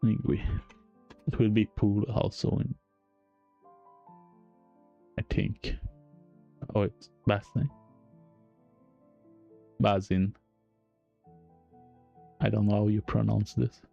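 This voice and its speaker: Explaining game code slowly on a live stream, a French-accented man halts, corrects himself and gives small chuckles. His low, mellow, gravelly voice has a flat delivery, over dull lo-fi audio with faint music underneath.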